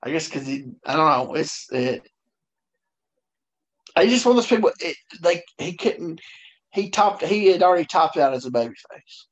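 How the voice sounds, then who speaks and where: A man's voice: on the high side, lively intonation, normal speed. A man co-hosting a casual chat, agreeable and hesitant, often trailing off mid-thought. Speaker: podcast co-host. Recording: dull lo-fi sound.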